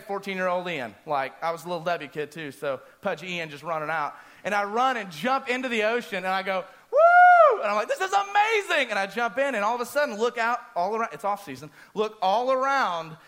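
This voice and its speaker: Animated high-voiced preacher. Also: male voice. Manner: animated storyteller, acts out screams. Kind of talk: sermon with personal story.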